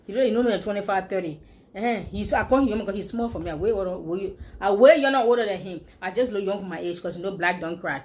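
A woman's voice: medium pitch, fast talker, a little mellow. A woman with a Liberian English accent, giving emphatic opinionated commentary as a blogger and scolding with rhetorical questions.

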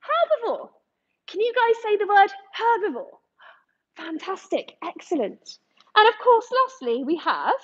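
A woman's voice: high voice, highs cut off. A woman from England, an aquarium educator, giving a live lesson to young children in a sing-song, encouraging way, speaking in front of a tank at the aquarium.

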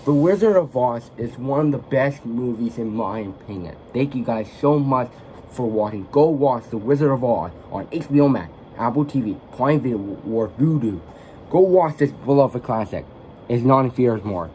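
A man talks through a casual film-review vlog, rambling and often stopping to correct himself. His voice is mellow and sits at an average pitch. A faint background hiss runs underneath. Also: animated, low-quality recording. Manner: rambling, halting, self-correcting. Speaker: vlogger, film fan.

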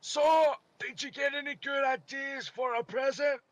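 A man voicing a gentle, polite young schoolgirl in a strained falsetto with a put-on Scottish accent, drawing out his lines slowly. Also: fairly even intonation, low-quality recording. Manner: slow, drawn-out line reading.

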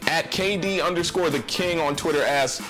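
A man's voice: on the high side, moderate pace, pushed and bright. A young man hosting a comedy Q&A vlog, giggly and self-mocking. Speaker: YouTuber host. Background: background music.

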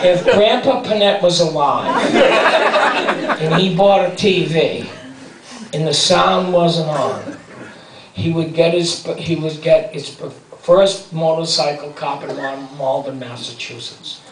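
A male stand-up comedian performing live on stage, ranting in exasperation and breaking into high-pitched shouting. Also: slow pace, a faint crowd, slight background noise. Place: theater stage before a large laughing audience. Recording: roomy live hall recording from a distance, loud audience.

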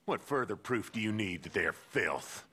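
An actor voicing a gruff, menacing male outlaw quest-giver in a video game, with slow, contemptuous speech. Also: on the low side, animated, pushed and bright, heavily acted. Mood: scornful.

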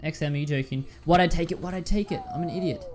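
Chatty gamer guy, slightly high voice. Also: quick pace. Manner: repeats phrases, calls listeners dude and man. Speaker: gaming YouTuber. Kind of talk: casual gameplay commentary.

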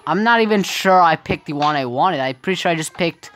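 Exclaiming woman with lively pitch. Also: brisk, soft background music. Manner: exclaims and laughs often, frustrated outbursts. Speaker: gaming video creator. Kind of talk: casual gameplay commentary.

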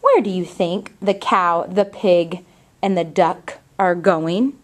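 A woman teacher reading a picture book aloud to young children and asking them questions in a clear, patient way. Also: fairly low pitch, slow pace.

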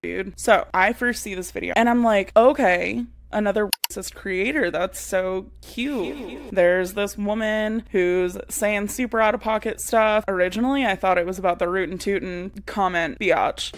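A woman's voice: mid-range voice, normal speed, few pauses, slight background noise. A woman hosting her own channel, giving chatty, sarcastic and blunt commentary. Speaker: commentary YouTuber. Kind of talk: casual commentary.

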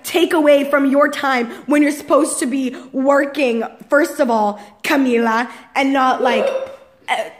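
A woman's voice: sits high, low-quality recording. A young woman vlogger telling a story to camera in a chatty, exasperated way, filling her talk with "like". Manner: chatty and exasperated, heavy use of "like".

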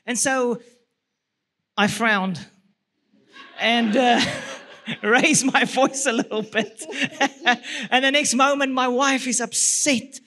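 South African man speaking at a church marriage seminar, very high bright voice, lively and laughing. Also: slow pace, long pauses. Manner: lively, laughs through his story. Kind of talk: storytelling church talk.

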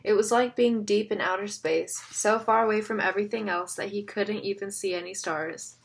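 A woman reading an audiobook aloud, with steady, measured storytelling. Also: mid-range voice, creaky, slightly rough. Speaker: audiobook narrator. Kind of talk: scripted narration.

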